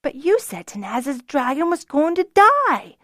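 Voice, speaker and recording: A woman voicing a small frightened boy who pleads in a high, quavering voice in an audiobook. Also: big pitch swings, normal speed, dry recording, studio quality. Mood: protesting.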